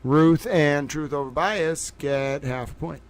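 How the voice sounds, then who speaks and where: An excitable man runs a casual livestream quiz, his voice sitting a bit high for a man. He cheers viewers on by name, then drops to a quiet mutter while he sorts out the scores. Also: slow pace. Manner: excitable, praises viewers by name, swings between loud and quiet. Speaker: livestream host running trivia.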